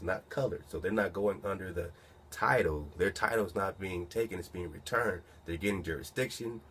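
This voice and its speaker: A man with a low, husky voice reads a legal-sounding document slowly, then breaks off to comment on it. He talks casually and keeps asking rhetorical questions. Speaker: commentator reading a document aloud.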